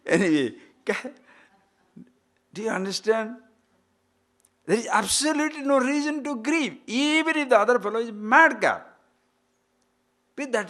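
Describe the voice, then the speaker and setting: A middle-aged man with an Indian English accent, giving a spiritual lecture on scripture. He moves between loud emphasis and quiet asides, and laughs at his own jokes. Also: very high voice. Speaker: spiritual teacher.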